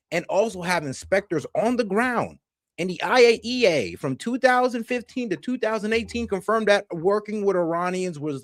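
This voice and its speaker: A man doing casual political reaction commentary, animated, slangy and profane, talking straight to his viewers. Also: on the high side, no room sound, studio quality.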